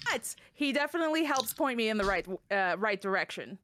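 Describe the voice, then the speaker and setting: A woman narrating an improvised fantasy story, animated and excitable and often tripping over her words. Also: a little high, a little fast, slight background noise.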